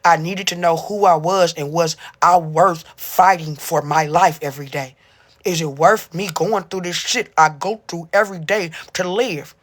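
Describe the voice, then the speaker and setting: A livestreamer talks loosely and profanely to the audience, interrupting their own explanations in quick bursts. The voice is medium-pitched, steady, and fairly bright.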